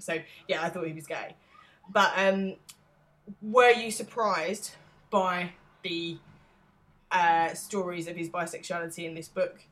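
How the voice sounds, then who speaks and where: A woman's voice: lowish voice, a bit bright. An English woman co-hosting a podcast in casual chat, talkative, laughing easily and asking her co-host questions. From England. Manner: chatty, laughs often, asks questions.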